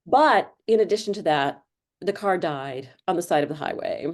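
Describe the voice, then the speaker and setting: A middle-aged woman with a notably low voice talks casually as an interview guest. She rambles through her answers, full of ums and restarts, in a loose, conversational way. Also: animated, moderate pace, a little mellow. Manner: chatty, rambling with many fillers. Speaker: author guest.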